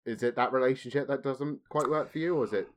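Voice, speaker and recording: A man's voice: mid-range voice, quick pace. A man hosting a film podcast, thoughtfully asking his co-hosts questions and giving his own views. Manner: thoughtful, poses questions to others. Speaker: podcast host. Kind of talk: casual film discussion.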